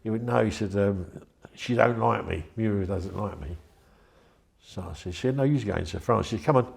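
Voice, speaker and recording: Older man, gravelly low voice, rambling anecdotes, mimics other people's voices. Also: normal speed. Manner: rambling, chatty, acts out quoted voices. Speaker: interviewee. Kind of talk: anecdotal storytelling.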